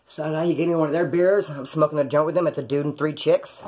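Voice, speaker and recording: A man's voice: fairly high pitch, steady tone, quick pace, darkish tone, husky, dull audio. A man telling a true story from his own life in a casual, rambling, profane way, acting out the voices of the people in it.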